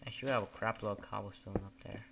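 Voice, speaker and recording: A man's voice: fairly low pitch, fairly even intonation, fast, gravelly, background noise. A man giving casual gameplay commentary, rambling, swearing often and getting easily annoyed. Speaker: gamer.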